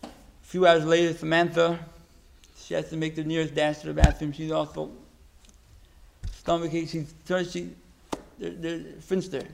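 A man giving a religious talk, telling a story in a halting way, with many restarts and repeated words. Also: a little high, flat delivery, creaky, a little hiss or hum. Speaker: religious teacher.

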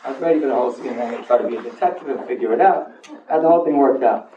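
A man, a rabbi, giving a sermon to an audience, telling a story in an animated way and building to emphatic repeated lines. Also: medium pitch, very fast, echoey room, recorded from a distance, lo-fi sound, background noise. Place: hall with audience.

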